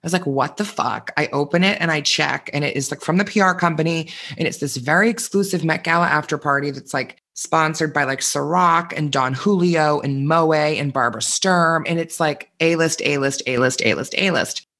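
A man co-hosting a podcast in casual chat, telling stories with animated energy, acting out quoted voices and swearing freely. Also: fairly high pitch, brisk, hardly any pauses. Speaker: podcast co-host.

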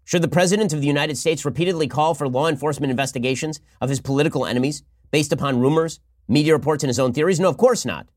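A man delivering fast, sarcastic political commentary from a close studio mic, sometimes acting out mock phone calls. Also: on the high side, no room sound. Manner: rapid-fire, sarcastic, acts out mock dialogues.

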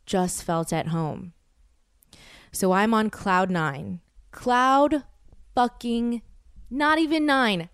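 A woman in her thirties hosts a solo podcast, spinning a rambling story full of quoted asides. Her voice is smooth and clear at a middle pitch. It is recorded close and dry, with no room sound. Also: no echo. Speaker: podcast host.

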